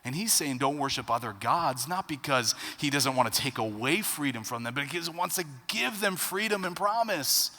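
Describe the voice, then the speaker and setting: A man in his thirties delivers a sermon as a pastor, his bright, slightly high voice ringing out in a reverberant sanctuary. He tells stories with sharp swings from quiet asides to loud, emphatic punchlines. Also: animated, normal speed, few pauses. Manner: storytelling with wide swings between hushed and loud. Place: church sanctuary. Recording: reverberant church hall.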